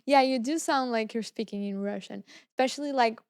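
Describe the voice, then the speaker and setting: A woman from Portugal with a Portuguese accent, chatting casually as a podcast co-host. Her voice sits a little high, and she tells stories with life, acting out the voices of the people she quotes. The sound is dry and close. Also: fairly quick, clear, resonant tone, no echo. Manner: lively storyteller, acts out quoted voices. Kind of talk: casual chat.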